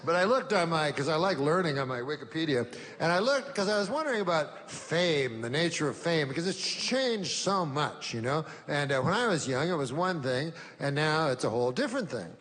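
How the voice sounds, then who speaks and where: Deadpan male stand-up comic, lively pitch. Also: big-room sound. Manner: dry, deadpan storytelling with halting pauses. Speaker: stand-up comedian. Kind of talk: stand-up comedy set. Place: comedy stage.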